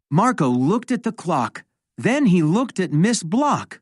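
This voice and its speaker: A woman reads a rhyming children's book aloud in a sing-song style, lightly giving voices to the characters. Her voice is fairly low, very animated, slow and a bit rough. The studio recording is clean, with no echo.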